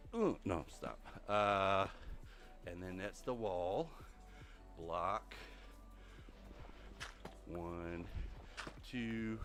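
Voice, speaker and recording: A man's voice: deep voice, extremely slow, pauses often, a bit bright, faint music behind. An older man hosting a casual game livestream while walking on a treadmill, out of breath, rambling and thinking aloud to his viewers. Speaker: Minecraft livestream host. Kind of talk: casual gameplay livestream chat.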